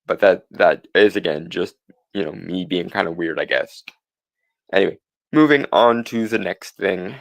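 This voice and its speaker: A man with a low voice and a gravelly edge talks through his views in casual podcast chat. He meanders, restarts his sentences and leans on fillers. The sound is close and dry. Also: no echo. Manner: musing, halting, many restarts and fillers. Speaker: podcast co-host.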